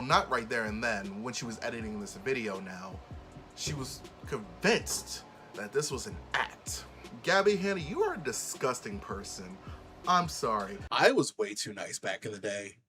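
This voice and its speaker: A man's voice: medium pitch, pushed and bright, poor audio. A man hosting a reaction commentary channel, talking bluntly and indignantly with lots of fillers.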